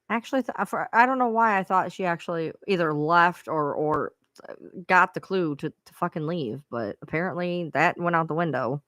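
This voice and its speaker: A woman's voice: on the low side, animated, moderate pace, a bit bright, no room sound, studio quality. Exasperated woman ranting on a live stream. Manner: exasperated, profane venting. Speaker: livestream host. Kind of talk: live-stream rant to viewers.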